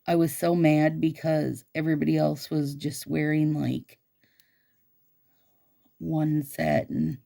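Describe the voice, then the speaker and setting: A nail stylist vlogger chats bubbly and casually about her nails, calling her viewers "you guys." Her voice is low, dark, creaky and fairly flat in pitch, and she speaks slowly with frequent pauses.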